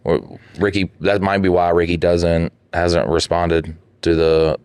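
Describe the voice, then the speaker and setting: A man's voice: low voice, steady tone, measured pace, darkish tone, clean tone, no echo. A man co-hosting a podcast, reading listener stories and joking with heavy profanity. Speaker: podcast co-host. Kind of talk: casual podcast banter.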